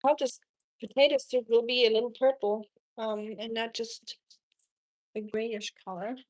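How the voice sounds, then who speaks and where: Slow, chatty woman streaming while cooking. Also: fairly high pitch, fairly even intonation. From Germany. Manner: chatty, reads chat aloud, frequent ums. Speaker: live stream cooking host. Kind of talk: casual live stream chat with viewers.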